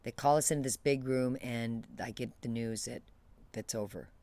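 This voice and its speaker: A woman speaking as an interview guest, steady and detached as she retells a deeply painful memory. She stumbles, restarts and lets phrases trail off, as if talking through something that happened to someone else. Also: normal speed. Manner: detached, matter-of-fact retelling of a painful loss. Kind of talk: emotional personal storytelling.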